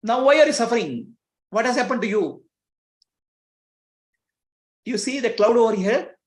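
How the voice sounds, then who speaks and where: A man's voice: very high-pitched, lively intonation, moderate pace. A man giving a spiritual teaching talk, asking his listeners rhetorical questions and chuckling between points. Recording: echoey room.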